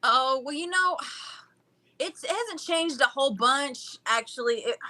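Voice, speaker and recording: A woman's voice: sits high, lively intonation, measured pace, bright, forceful tone. A young woman talking casually as an interview guest, upbeat and goofy, often laughing as she tells her story. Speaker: guest fighter.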